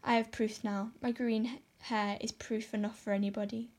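A woman's voice: on the high side, flat delivery, darkish tone, close to an everyday voice. Woman reading as stern, scolding spinster Marilla. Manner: brisk, scolding, sarcastic. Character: stern older spinster woman raising a girl.

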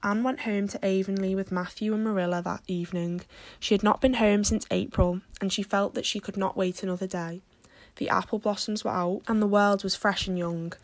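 A woman reading a classic novel aloud as an audiobook narrator, in a steady, measured way. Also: medium pitch, no room sound.

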